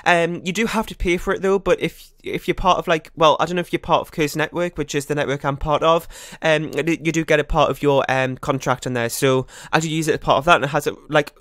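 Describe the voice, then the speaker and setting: A man's voice: a little high, fairly even intonation, fairly bright tone, dry recording, studio quality. A man giving casual, rambling voice-over commentary on a building game, often correcting himself. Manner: fast, rambling, self-correcting chatter. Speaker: YouTuber.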